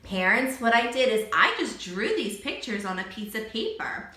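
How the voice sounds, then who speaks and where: A woman's voice: a little high, big pitch swings, pushed and bright. Woman teacher sounding out vowels, echoey room. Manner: slow, drawn-out sounding of letters. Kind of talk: phonics lesson for young children. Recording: echoey room, distant mic.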